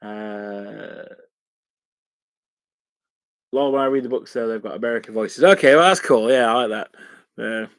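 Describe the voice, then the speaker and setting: A man's voice: medium pitch, a little slow, long pauses, a bit bright, dry recording. A man hosting a live stream, chatting loosely and rambling as he paints miniatures. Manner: rambling and chatty, many fillers. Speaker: wargaming channel host.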